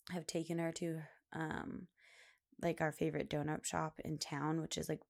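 A woman's voice: low voice, little pitch movement, moderate pace, gravelly. A woman in her late twenties hosting a solo podcast about motherhood, talking in a chatty, rambling way full of "like" fillers. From Pacific Northwest US. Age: 20s. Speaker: podcast host. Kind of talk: casual solo podcast chat.

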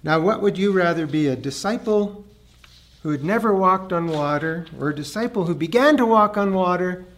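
A man's voice: lively intonation, normal speed, a bit bright. A man preaching a sermon, earnest, raising his voice for emphasis. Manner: earnest, rises in pitch and volume for emphasis. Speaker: pastor.

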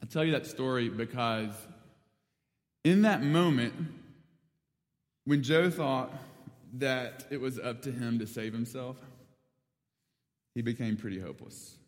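A young man giving a sermon, telling a story with lively acted-out quotes before turning to scripture. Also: mid-range voice. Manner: animated storyteller, acts out quotes. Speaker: preacher. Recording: long reverb of a big hall.

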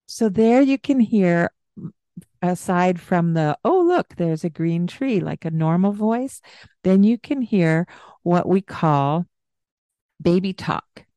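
Slow, warm-toned woman host, breaks into sing-song baby talk for examples; dry close mic. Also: lowish voice, lively intonation, no room sound. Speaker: parenting podcast host. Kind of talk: casual explanatory chat.

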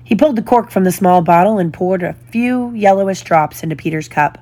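A woman reading a children's storybook aloud in a slow, deliberate storytelling manner. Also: medium pitch, dark tone. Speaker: storybook reader.

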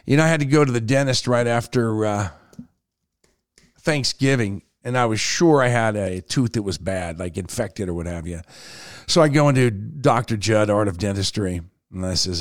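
A man hosting his own podcast, telling stories in a casual, animated way with quick swings in tone. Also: lowish voice, dry recording, clean studio sound. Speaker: podcast host. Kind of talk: casual solo podcast talk.

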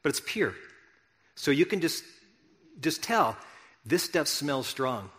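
A man with a fairly high voice preaches a sermon in a large hall, and his words ring out with a long reverb. His delivery is conversational and animated, quiet asides giving way to loud, excited bursts. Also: takes it slowly. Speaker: pastor.

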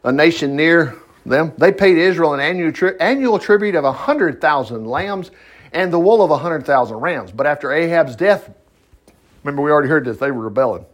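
A man's voice: a little high, animated, brisk, muffled recording. An older man teaching a Bible story in a folksy way, with chuckling asides, retelling the characters' words in his own voice.

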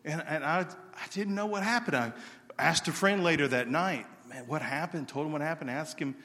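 A man preaching and telling a story in a lively way, acting out the quotes. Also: on the high side, normal speed. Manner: animated storyteller, acts out quotes. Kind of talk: sermon storytelling. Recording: reverberant hall.

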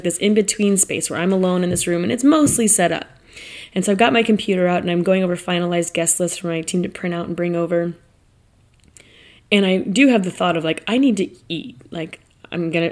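A woman's voice: mid-range voice, a little mellow. A woman in her thirties hosting a podcast, talking in a chatty, reflective monologue with many "like"s and "right?"s. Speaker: podcast host. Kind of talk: casual monologue.

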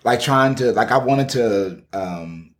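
A man, a podcast guest, telling his personal story in casual, earnest conversation with animated asides. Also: medium pitch, slow.

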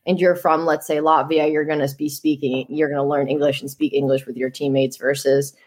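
A woman's voice: deep voice, flat delivery, fairly quick. A young adult woman, a podcast guest, chatting casually and telling stories with lots of fillers and laughs. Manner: chatty, storytelling, laughs often, many fillers. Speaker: guest, Olympic hockey player.

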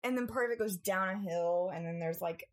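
A young woman in casual storytelling on a podcast, animated and acting out family members as she goes. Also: a little fast. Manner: animated, acts out family members with big pitch jumps. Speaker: podcast co-host.

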